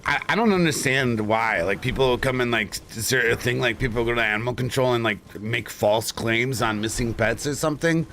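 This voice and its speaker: A man's voice: medium pitch, a little fast, few pauses, a little hiss or hum. A man streaming live, chatting casually and telling stories with lots of swearing and frequent laughter. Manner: animated, swearing storyteller who laughs often.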